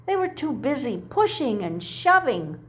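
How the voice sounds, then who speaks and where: A woman reading a children's picture book aloud, unhurried and sing-song, with her voice sitting slightly high. She breaks off now and then for chatty asides about the pictures. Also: very animated. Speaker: storyteller.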